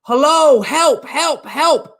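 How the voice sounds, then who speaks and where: A frantic man clinging to a cliff, crying out for help in a raised, strained voice, as a motivational speaker acts him out. He sounds desperate and sits well above the speaker's usual pitch. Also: sing-song, measured pace, gravelly, a bit bright, exaggerated voice. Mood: panicked. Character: panicked man hiker hanging from cliff.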